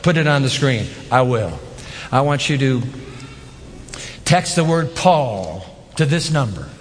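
A man preaching a sermon as pastor, animated, with rhetorical questions and emphatic repetition. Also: mid-range voice, a little slow, long reverb tail, slight background noise.

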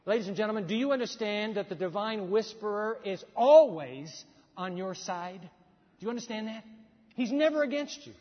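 A man's voice: high-pitched, animated, brisk. A man preaching a sermon as a pastor, telling a story with animation and acting out dialogue. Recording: dull sound, hall reverb.

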